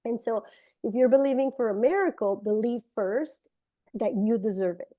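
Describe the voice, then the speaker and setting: Speaking at a normal pace, a middle-aged native Spanish speaker gives her testimony through a personal story told casually and with animation. Quoted lines come out in high, excited voices.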